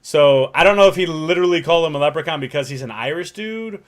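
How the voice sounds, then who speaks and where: A man's voice: fairly high pitch, animated, fast talker. A man co-hosting a casual chat podcast, rambling and swearing freely. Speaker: podcast co-host.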